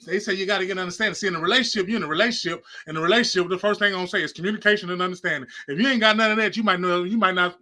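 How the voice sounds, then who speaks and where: His voice sits high with a bright, forceful tone as he hosts his podcast. Talking into a phone held near, he preaches in a casual way right to his viewers, rambling and repeating himself.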